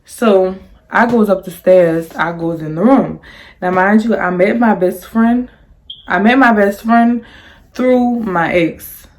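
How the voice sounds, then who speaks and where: A young woman chats through a storytime in a casual, rambling way, full of restarts and fillers. Her pitch sits in a middling range and leaps sharply upward whenever she quotes herself, which gives the telling an animated feel. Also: slow, a little hiss or hum. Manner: animated, jumps high on quoted lines. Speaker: storyteller vlogger.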